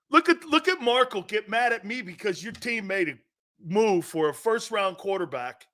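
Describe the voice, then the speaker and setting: A man with an East Coast American accent hosting a sports talk show, ranting loudly with profanity and frequent shouting. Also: high voice. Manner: loud, profane, often shouting.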